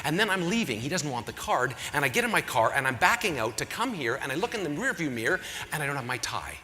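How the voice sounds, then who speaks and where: Male gala emcee, lively up-and-down delivery, comic rambling storyteller, stage mic in a reverberant convention hall. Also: fairly high pitch, quick pace, slight background noise. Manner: rambling comic storytelling, packed with sponsor plugs. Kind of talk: comic storytelling to a live audience. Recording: echoey hall, faint crowd ambience.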